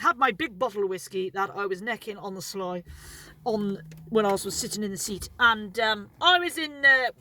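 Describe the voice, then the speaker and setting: A woman's voice: fairly high pitch, pushed and bright, dry recording. A woman, rambling and swearing freely while telling funny stories about flying, laughing at herself. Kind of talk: casual anecdotal storytelling.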